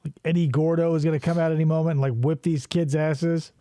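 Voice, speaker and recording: A man's voice: fairly high pitch, fast talker, dry recording. A man hosting a casual podcast, riffing crudely and animatedly on old commercials. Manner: crude, joking, animated storytelling. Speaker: podcast host.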